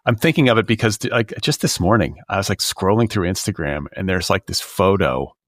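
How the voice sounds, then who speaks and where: A man's voice: deep voice, animated, a little fast, no room sound, studio quality. A middle-aged man hosting a podcast, talking in a rambling, exasperated way full of "like" and restarts. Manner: rambling, filler-heavy, exasperated. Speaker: podcast host. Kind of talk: casual comedic chat. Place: Los Angeles.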